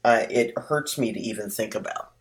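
A man co-hosting a podcast, who reads a passage aloud and then chats in an unhurried way, with lots of fillers and wry asides. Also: on the low side. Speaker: podcast co-host. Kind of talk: casual chat and reading aloud.

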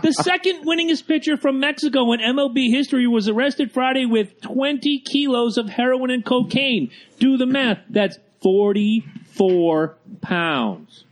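A man's voice: very high voice, normal speed, hardly any pauses. A middle-aged man co-hosting a podcast, brash and profane, mocking as he reads out news. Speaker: podcast co-host. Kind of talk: casual podcast banter.

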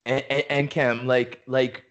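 A man's voice: mid-range voice, flat delivery, takes it slowly, a bit bright, lo-fi sound. A man hosting a casual interview podcast, a former hockey player who asks long questions full of fillers.

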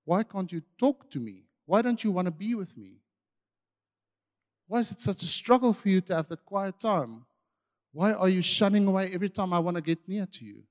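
A man's voice: high-pitched, animated, moderate pace, a little mellow, long reverb tail. A man preaching who voices God tenderly asking a hiding man where he has gone. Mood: pleading. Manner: pleading, questioning.

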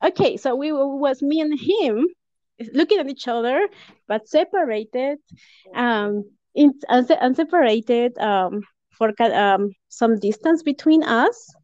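A Peruvian woman, a guest on a podcast, warmly tells a personal story over a home podcast mic, laughing often and using many fillers. Her high, animated voice moves slowly, and the dry recording sounds dull.

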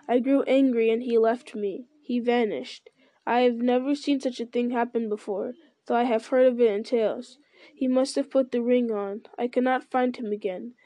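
A woman voicing a proud, troubled warrior who speaks slowly and hesitantly in a read-aloud story. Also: fairly high pitch, mellow, dry recording, lightly acted.

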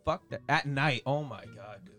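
A young man in a casual, profane chat who cuts in eagerly and builds to shouted punchlines. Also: mid-range voice, moderate pace, faint music behind.

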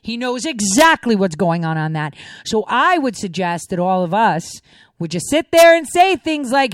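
A woman's voice: mid-range voice, very animated, moderate pace, dry recording. A woman giving an indignant political monologue, ranting and firing off rhetorical questions. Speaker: political commentator. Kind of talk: opinionated monologue.

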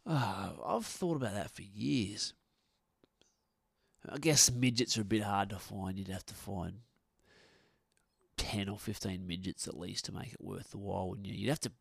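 A middle-aged man riffs on his podcast, his low voice gravelly with fry. He talks bluntly and swears freely, circling back and restarting his sentences. His voice is dry and close. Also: normal speed, long pauses, no echo. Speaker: podcast host. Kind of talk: casual podcast rant. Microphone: podcast microphone.

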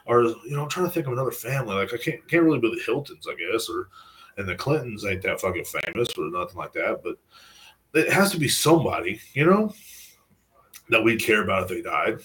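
Profane, rambling American man, lowish voice. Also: animated, a little fast, a bit bright, poor audio. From United States. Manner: profane, rambling rant full of "you know what I'm saying". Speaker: podcast host. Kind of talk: casual solo podcast monologue.

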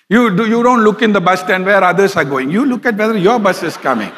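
A man's voice: high voice, lively intonation, normal speed, a bit bright. A middle-aged man, a pastor preaching conversationally and telling a story, chuckling often. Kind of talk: sermon with storytelling.

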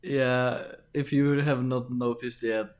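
A man co-hosts a casual podcast about lore, his voice medium-pitched and steady, his pace slow. He jokes around and spins theories in a loose way, packing his speech with fillers.

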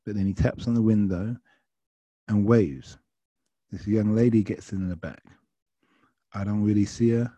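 A man tells a casual anecdote from his taxi driving, chatty and quoting his passengers. His voice is very dark and a bit husky, recorded dry and close. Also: on the low side, steady tone, unhurried, long pauses, no echo, lo-fi sound. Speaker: taxi driver telling a story. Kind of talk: casual storytelling.

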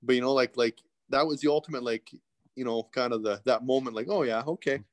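A man's voice: medium pitch, steady tone, fast. A middle-aged man, a guest telling candid stories in a rambling way, full of restarts and asides. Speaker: podcast guest. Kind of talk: casual interview storytelling.

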